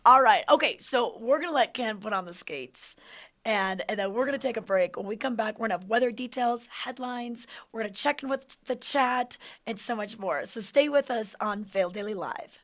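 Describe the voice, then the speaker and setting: A woman's voice: on the high side, normal speed, fairly bright tone. Upbeat woman co-hosting a morning show. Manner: upbeat, reads viewer chat aloud. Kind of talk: casual live-stream chat.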